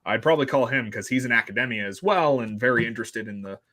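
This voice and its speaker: A man's voice: mid-range voice, animated, quick pace, a loud crowd. A man, a paleontologist guest, explains science eagerly in a casual interview and laughs easily.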